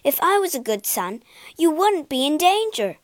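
A woman voicing an impulsive, emotional wooden puppet boy who cries out his lines high and excitedly. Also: normal speed, dry recording. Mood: distraught.

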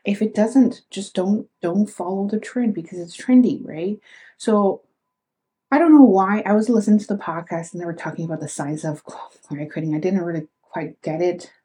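A woman's voice: mid-range voice, moderate pace, mellow, poor audio. A young woman hosting her own podcast, talking in an earnest, reflective way and speaking straight to her listeners. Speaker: podcast host. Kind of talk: casual solo podcast talk.

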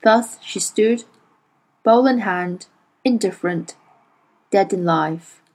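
A woman whose first language is Chinese, reading a fantasy novel aloud in a slow, deliberate storytelling manner. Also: mid-range voice, darkish tone. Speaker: audiobook reader.

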